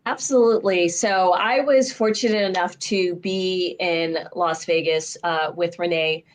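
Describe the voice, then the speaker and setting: A woman's voice: lowish voice, fairly even intonation, a little slow. A woman sharing memories in a casual video call, upbeat and chatty.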